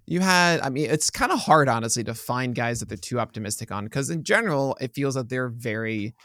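A man's voice: mid-range voice, expressive, a little fast, fairly bright tone, no room sound, clean studio sound. A man co-hosting a casual sports podcast, telling stories with a joking, teasing manner. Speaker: podcast co-host.

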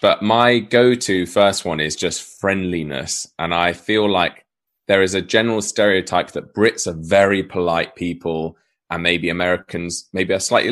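A man with a Southern English accent, a trained actor, chatting animatedly as a podcast guest. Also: sits low. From Southern England. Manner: chatty, animated, laughs often. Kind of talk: casual conversation.

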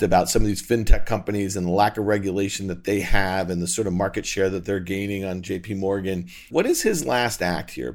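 A man co-hosts a podcast. His voice sits fairly low, and he frames his questions at length before asking them. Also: darkish tone. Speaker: podcast co-host. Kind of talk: casual podcast interview.

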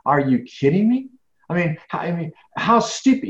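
A man's voice: fairly high pitch, normal speed. A middle-aged man talks through his answers in a loose, earnest way, doubling back on words and getting heated when something annoys him. The sound is roomy and a little dull, like a lo-fi recording in an open space. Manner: earnest, rambling, repeats words, grows animated when ranting. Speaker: guest, business speaker. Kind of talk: casual interview answers.

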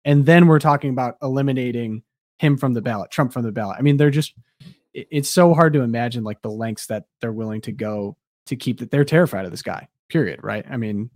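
A man's voice: medium pitch, fairly quick, a little mellow, dry recording, studio quality. A man co-hosting a political talk show, talking earnestly with hesitant restarts.

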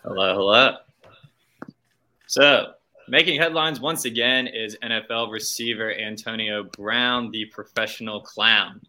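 A man's voice: fairly low pitch, a little slow, pushed and bright. A young man, a marketing intern, reading a scripted sports news story with wry asides.

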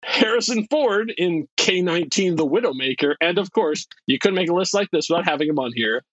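Lively husky-voiced man chatting. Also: high voice, a little fast, dry recording, dull audio. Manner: animated, laughs often, restarts sentences. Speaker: podcast co-host. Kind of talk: casual chat.

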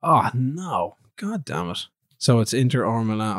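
A man co-hosting a podcast from home, chatting casually, rambling and teasing his co-host with quick laughs. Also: medium pitch, very animated, fairly bright tone, no room sound, studio quality. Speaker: podcast co-host playing a management game. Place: remote recording from home.

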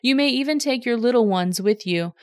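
A woman's voice: a little high, animated, fairly quick, a little mellow, no room sound, natural voice. Brief: stubborn proud ancient king, voiced by a woman reader, dry close sound. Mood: haughty.

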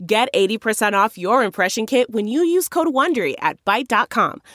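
A woman's voice: on the high side, animated, a little fast, a bit bright, dry recording, clean studio sound. A woman reading a scripted podcast ad in an upbeat, promotional manner. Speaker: ad reader. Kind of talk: scripted ad read.

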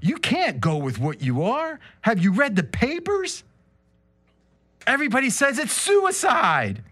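A man voicing a soft-spoken, whispery wife who pleads with her husband, in a comic podcast reading. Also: extremely high pitch, wildly swooping pitch, a little slow, voice pushed up, exaggerated voice. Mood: urgent.

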